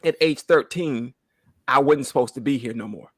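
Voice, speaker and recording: Holding back tears, this thirtysomething man shares a church testimony in earnest, circling back over his phrases and frequently tagging on "right?" He speaks at medium pitch and normal speed, with a slightly bright tone, in a dry recording.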